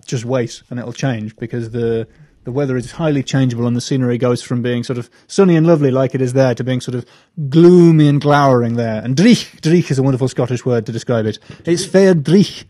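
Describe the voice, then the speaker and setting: A man's voice: mid-range voice, quick pace, mellow. A young man who is a comedian guest, chatting casually in a rambling, self-deprecating way with many restarts. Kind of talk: casual live chat.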